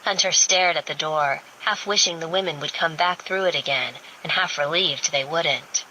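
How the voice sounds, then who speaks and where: A woman narrating a romance audiobook in a steady, even reading. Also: low-pitched, moderate pace, slight background noise, poor audio.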